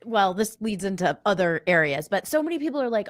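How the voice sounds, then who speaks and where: A woman's voice: mid-range voice, big pitch swings, dry recording. A woman co-hosting a talk show, chatting casually and rambling through stories about her kids over a video call. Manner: chatty, rambling, quick asides. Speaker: co-host. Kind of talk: casual chat about parenting.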